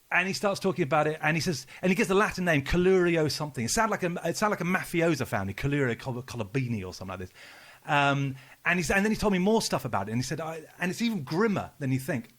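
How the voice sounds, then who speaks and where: This podcast co-host has a slightly high, fairly bright voice. In casual conversation he spins long, meandering stories packed with restarts and plenty of swearing.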